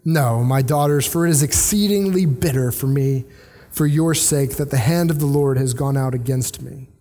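A man preaching a sermon in a casual, conversational way, with animated paraphrases of the text he reads. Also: medium pitch, normal speed, in a large hall. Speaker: pastor.

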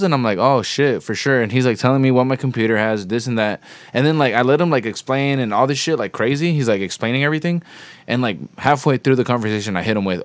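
A man's voice: medium pitch, quick pace, dry recording. A young man co-hosting a podcast in casual chat, laid-back and slangy, swearing often. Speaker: podcast co-host.

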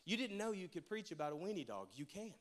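High-pitched guy preaching in church, funny storytelling, keeps asking the crowd stuff. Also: fast. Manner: storytelling, animated, jokes with the congregation. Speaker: pastor.

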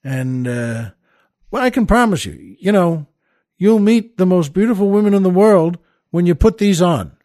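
This is an older man with a fairly high voice, hosting his own comedy podcast. He rambles, chuckles and restarts as he plugs merchandise and tells an old joke. The sound is dry and close, with no room around it. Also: animated, moderate pace, warm tone, no room sound. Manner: rambling, chuckling storyteller who tells jokes with little voices. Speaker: podcast host. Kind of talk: casual comedic monologue.

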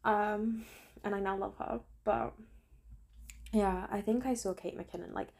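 A woman with a croaky voice, chatting casually to camera in a rambling, self-deprecating way. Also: medium pitch, fairly even intonation, measured pace, a little mellow. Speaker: vlogger. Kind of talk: casual storytime chat.

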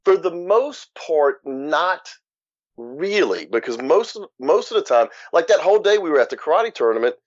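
A male guest and author from Louisiana speaks candidly in an interview, telling his story with blunt frankness. His voice is a little high and sing-song at normal speed, and the dull, lo-fi recording is dry with no room sound.

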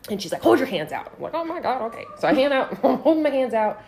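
Animated young woman telling a wild story. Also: high voice, quick pace, a little hiss or hum. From Texas. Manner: animated, profane, acts out voices in quotes. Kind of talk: casual storytelling.

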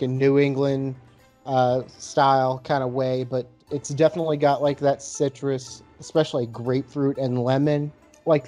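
Casual podcast co-host, man, slightly high voice, easygoing rambling delivery, faint music behind. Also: dark tone. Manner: laid-back, rambling with fillers. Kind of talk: casual movie-recap chat with beer review.

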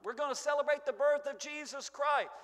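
A man preaching a sermon, emphatic, swinging between booming stresses and hushed asides. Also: a little fast. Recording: long echo of a church hall.

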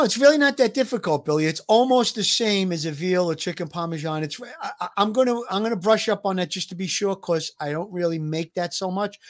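A man in his sixties with a Brooklyn accent, an ex-detective co-hosting a podcast, chatting easily and rambling with many fillers. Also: sits high. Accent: Brooklyn New York. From Brooklyn, New York. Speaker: podcast co-host, former police detective. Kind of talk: casual podcast chat.

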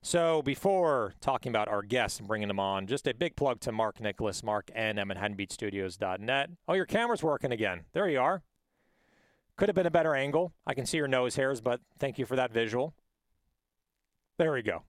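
A man's voice: mid-range voice, expressive, fairly quick, no room sound, studio quality. A man hosting a podcast, chatting casually and teasing his producer with jokes. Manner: joking, teasing banter. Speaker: podcast host.

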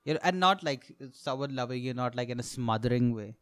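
Profane ranting young man, smooth voice. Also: medium pitch, lively intonation, a little fast, no echo, clean studio sound. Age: 20s. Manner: profane ranting, laughs at own jokes, sudden loud outbursts. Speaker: podcast host, stand-up comedian. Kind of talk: solo comedic monologue.

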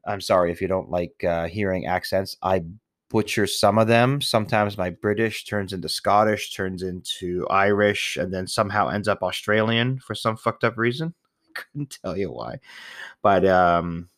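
Deep-voiced man rambling on his podcast. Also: fairly even intonation, normal speed, fairly bright tone, no room sound, clean studio sound. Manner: rambling, profane, self-mocking, with fillers and sniffles. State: nervous. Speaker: podcast host. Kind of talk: casual solo podcast chat.

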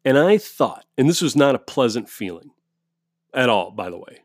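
A man's voice: mid-range voice, very animated, normal speed, no echo, clean studio sound. A man telling his viewers a story as a heated, profane rant, often restarting his sentences. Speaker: vlogger.

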